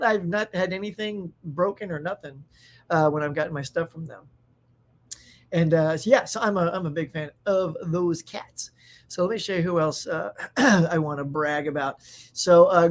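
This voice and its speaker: Man doing excitable pop culture stream host, rambling chat with lots of restarts. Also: high voice. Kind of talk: casual live-stream chat.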